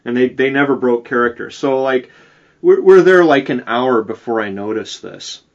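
A man's voice: medium pitch, animated, moderate pace, dull audio. A man co-hosting a podcast, chatting casually and rambling through stories with many "like"s. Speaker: podcast co-host. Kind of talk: casual chat.

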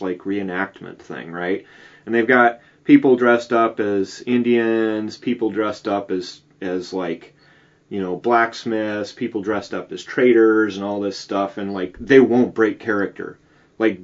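A man's voice: on the low side, dull audio. A man co-hosting a podcast, chatting casually and rambling through stories with many "like"s. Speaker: podcast co-host. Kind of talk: casual chat.

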